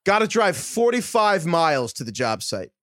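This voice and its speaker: A man's voice: a little high, normal speed, no echo, studio quality. A man co-hosting a podcast, reading listener emails aloud and acting out the quoted lines. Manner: animated storytelling, acts out quoted lines.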